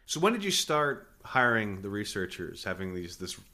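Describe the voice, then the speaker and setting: A man's voice: lowish voice, sing-song, normal speed, pushed and bright. A man interviewing an author, curious and asking long, winding questions.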